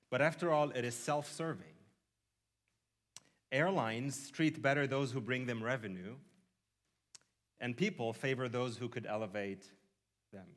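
A man's voice: medium pitch, a bit bright. A man preaching a sermon, using humorous, vivid storytelling and asides. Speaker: pastor.

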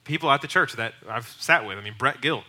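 A man's voice: mid-range voice, a little fast, bright, forceful tone. A male pastor teaching on evangelism, earnest and emphatic, often building to raised, urgent bursts.

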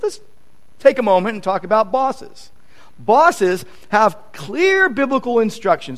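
Male pastor, sermon delivery, high and very lively voice, repeats points for emphasis. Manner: animated, acts out quoted conversations; emphatic repetition.

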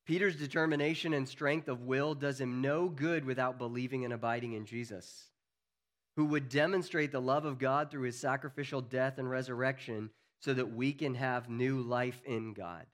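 A man preaching a sermon as pastor, earnest, building to emphatic peaks and then dropping low and quiet. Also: steady tone, moderate pace.

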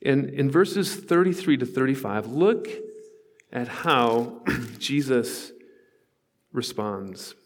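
A man's voice: medium pitch, expressive, takes it slowly, pauses often, long reverb tail. A man in his forties preaching a sermon, telling stories in an earnest, conversational way with asides to the congregation. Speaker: pastor. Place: church sanctuary.

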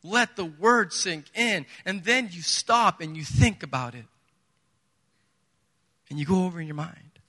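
A man's voice: sits high, lively intonation, unhurried, long pauses, bright, forceful tone. A man preaching a sermon as pastor, emphatic and conversational, asking his listeners rhetorical questions. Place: church sanctuary. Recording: reverberant church hall.

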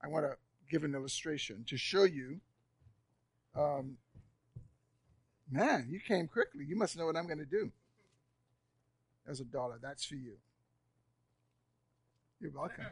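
A man preaching a sermon to a live congregation in a church, repeating words for emphasis and swinging between loud and soft. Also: a little high, lively intonation, a little slow, creaky, long pauses, slightly rough, no room sound. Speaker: pastor.

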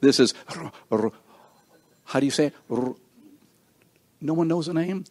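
His voice sits on the high side with a darkish tone and an unhurried pace. This older man hosts a seniors breakfast, introducing people in the room one after another with jokes, playful teasing, and botched names.

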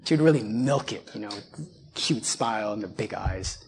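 A man's voice: fairly low pitch, animated, normal speed, slight background noise. A man in his thirties preaching a sermon as a pastor, building on repeated phrases and putting rhetorical questions to his congregation.

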